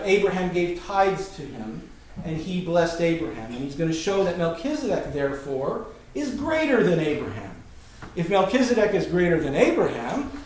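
Man, preacher, explains Scripture emphatically; high voice, distant mic. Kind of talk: Bible teaching sermon. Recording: very echoey room, mic far off.

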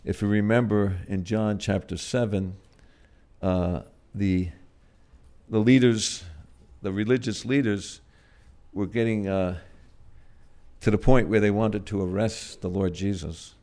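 Soft-spoken preacher with a low voice. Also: male voice, fairly even intonation. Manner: gentle, halting, with frequent "uh" and restarts; swells loud on key words, then drops soft. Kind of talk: sermon.

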